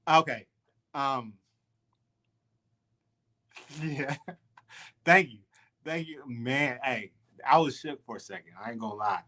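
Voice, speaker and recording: A man's voice: mid-range voice, slow pace, long pauses. A man telling a story in a loose, slangy way during a casual podcast chat, with many restarts. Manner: animated, slangy, full of restarts. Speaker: podcast co-host.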